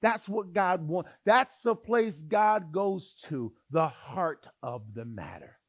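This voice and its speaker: A man preaching with a fairly high voice, animated and conversational. He slips into character voices as he tells Bible stories. The sound is dry and close. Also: takes it slowly, no echo. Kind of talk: sermon.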